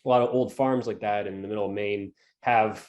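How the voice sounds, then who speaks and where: A man's voice: on the low side, steady tone, a little fast, a little mellow. A man with a New England accent co-hosting a podcast, telling a story in a laid-back, profane way with lots of fillers. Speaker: podcast co-host. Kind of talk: casual storytelling chat.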